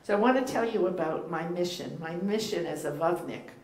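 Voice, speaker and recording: A guest rabbi speaks a little fast in a lowish, slightly mellow voice, her Boston accent clear as she gives an informal sermon to the congregation. Playful and teacherly, she leans on frequent ums and uhs. The setting is a church sanctuary, recorded with echo and faint background noise.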